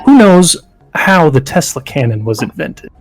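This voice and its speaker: A man's voice: on the high side, sing-song, unhurried, pitched above the performer's own voice, low-quality recording. A man voicing a cheerful tour-bus guide with a folksy, upbeat patter. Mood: chirpy.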